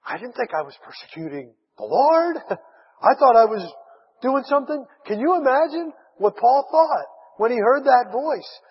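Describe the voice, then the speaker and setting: A man preaching a sermon, retelling a Bible story with lively acted-out voices. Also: very high-pitched, normal speed, slightly rough. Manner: animated storytelling, acts out voices of Bible figures. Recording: dull sound with long hall reverb.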